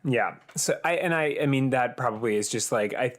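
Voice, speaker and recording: A man's voice: mid-range voice, a little fast. A man hosting a podcast in casual chat, rambling and thinking aloud with many fillers. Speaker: podcast host.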